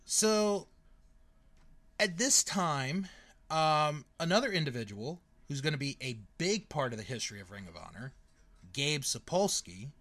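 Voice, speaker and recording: Guy in his 30s hosting a podcast, chatty, voice jumps around a lot, kinda high. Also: measured pace. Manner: lively storyteller with frequent fillers and laughs. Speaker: podcast host. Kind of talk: casual podcast chat.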